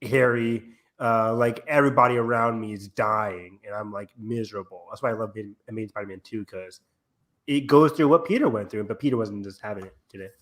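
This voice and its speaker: A man co-hosting a casual movie review podcast, talking in an animated way with lots of filler "like". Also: fairly low pitch, brisk. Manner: animated, piles on "like", full of fan enthusiasm. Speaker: podcast co-host.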